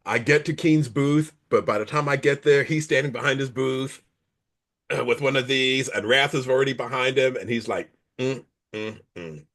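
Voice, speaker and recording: A man's voice: medium pitch, moderate pace, fairly bright tone. A middle-aged man, an author being interviewed, telling long stories in a rambling, self-correcting way and laughing along as he goes. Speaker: author guest. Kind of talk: casual interview storytelling.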